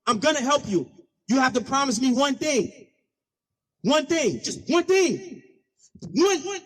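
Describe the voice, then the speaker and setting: Man doing a cautious rabbit, firm, insistent, repeats himself, high voice. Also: big pitch swings, slow pace, full character voice.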